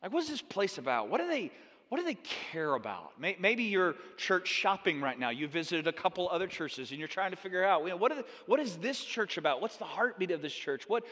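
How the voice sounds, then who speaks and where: A male pastor preaching a sermon in a church, animated and acting out the people in the Bible story. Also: sits high, fairly quick, big-room sound. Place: church sanctuary.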